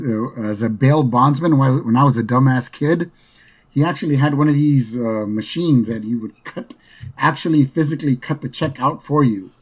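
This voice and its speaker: A man's voice: mid-range voice, darkish tone, slightly rough. A man hosting a podcast, casually recapping a cartoon episode in a rambling way, with lots of fillers and "right?" asides. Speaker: podcast host.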